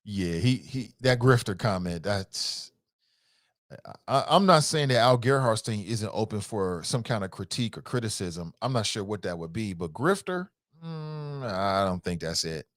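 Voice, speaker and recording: Give me a middle-aged man, hosting a casual talk show. His pitch leaps and falls with lots of emphasis as he riffs on viewer comments. The sound is dry and close, with no room around him. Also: dry recording. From United States. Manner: animated, emphatic, drawn-out repetitions. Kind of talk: casual live-stream talk.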